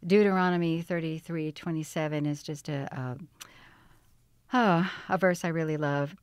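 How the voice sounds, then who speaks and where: A woman, a mother and interview guest, speaking sincerely and gently encouraging other parents. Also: deep voice, fairly even intonation, normal speed, smooth, no echo, clean studio sound. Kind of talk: interview conversation.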